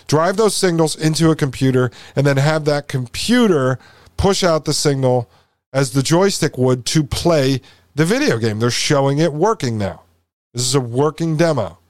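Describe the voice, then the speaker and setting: A man's voice: a little high, a little mellow, no room sound, clean studio sound. A man hosting a podcast, commenting over a played video in an emphatic, insistent, repetitive way. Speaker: podcast host.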